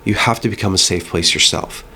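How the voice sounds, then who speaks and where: A man's voice: sits low, brisk, vocal fry, sharp tone, slight background noise. A middle-aged man talking earnestly and reflectively, sometimes acting out little exchanges with his kids. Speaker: guest speaker. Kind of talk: conversational teaching.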